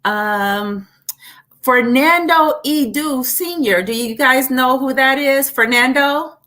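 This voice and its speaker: A woman hosting a livestream interview, talking in an encouraging, animated way. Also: sits high, takes it slowly. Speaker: host.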